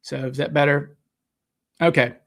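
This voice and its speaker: Into a desk microphone he's sometimes too near, a man hosting a live stream reads viewers' comments and answers them in rambling, casual chat. His voice is a little high, with fairly even intonation and a moderate pace.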